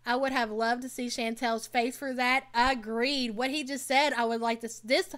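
A woman hosting a live stream in a casual, sassy way, with a fairly high voice. She speaks bluntly and keeps turning to chat with her viewers. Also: fairly even intonation, moderate pace, a bit bright. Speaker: live stream host reacting to a reality show.

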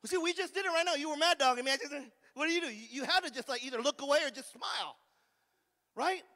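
A man's voice: very high voice, fast, sharp tone, big-room sound. A man preaching a fervent sermon as pastor, drawing call-and-response amens from the congregation.

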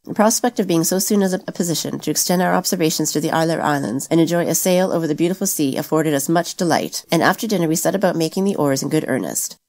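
A woman reading a novel aloud as a steady, brisk audiobook narrator. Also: sits low. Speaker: audiobook reader.

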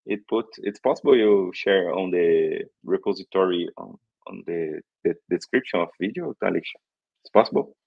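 A man from Brazil with a Brazilian Portuguese accent, presenting a live coding demo in halting English, searching for words. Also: low-pitched, lively intonation, gravelly, breathy edge, lo-fi sound.

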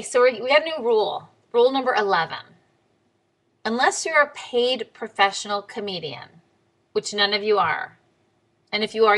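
A young adult woman talking straight to the camera in a casual video diary, blunt and animated, jumping her pitch up high when she quotes people. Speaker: vlogger.

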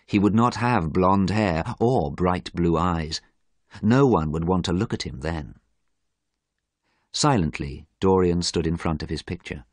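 Guy reading a learner audiobook, deep voice, bit husky, dry close sound. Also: a little mellow, dry recording. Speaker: narrator. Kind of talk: scripted audiobook narration for learners.

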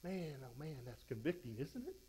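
A man's voice: mid-range voice, sing-song, moderate pace, warm tone, slightly rough, rough recording. A man preaching a verse-by-verse sermon as a pastor, fervent and exhorting, conversational with frequent restarts. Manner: fervent, exhorting, voice rises when fired up.

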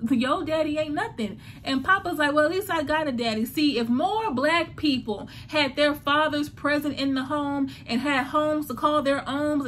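A woman's voice: sits high, fairly bright tone, slight background noise. A woman hosting a casual TV recap, talking animatedly and acting out the characters' lines. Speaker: TV recap host.

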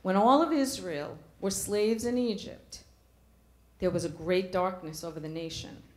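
A woman's voice: medium pitch, unhurried, a little mellow, reverberant. A middle-aged woman preaching a sermon in a church, earnest, asking the congregation questions.

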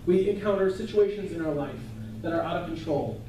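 A man's voice: high-pitched, brisk, warm tone, slight background noise. Man preaching in an echoey church. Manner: conversational, chatty preaching with asides. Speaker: pastor. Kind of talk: sermon. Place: church sanctuary. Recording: echoey church hall, mic at a distance.

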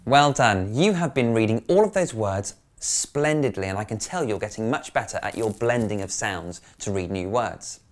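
A woman's voice: a bass voice, lively intonation, normal speed, few pauses, faint music behind. A woman teaching phonics to children, sounding out letters and cheering them on. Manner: clear, encouraging, sounding out letters.

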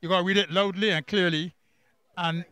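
A man with a Barbadian accent leading a church camp Bible workbook lesson, quizzing the class with quick questions and emphatic repeats. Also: high voice, steady tone, pushed and bright, clear, resonant tone, no echo. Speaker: Bible study teacher.

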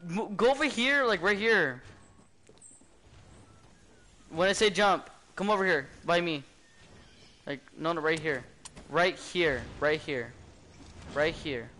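A man chatting casually with friends while playing a game, excitable and joking as he calls out to his teammates. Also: fairly high pitch, slow pace, pauses often. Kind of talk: casual gameplay chat with friends.

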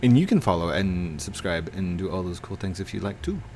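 A man hosting a playful Roblox let's play, goofy and excitable, chatting to viewers and jumping way up in pitch when things go wrong. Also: a little fast, slight background noise. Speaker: gaming channel host.

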